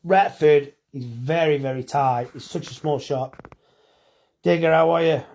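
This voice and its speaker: A blunt, chatty middle-aged man talks off the cuff on a phone live stream, reading out viewers' comments as they come in. His voice sits a little high for a man, and he swears easily in a friendly way. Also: unhurried, darkish tone. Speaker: farmer and butcher hosting a live stream.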